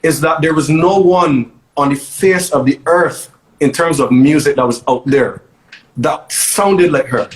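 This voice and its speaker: Guy chatting, kinda high voice, keeps hammering his point home. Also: measured pace, poor audio. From Barbados. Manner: animated storytelling, emphatic repeats. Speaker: guest DJ. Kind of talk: casual interview chat.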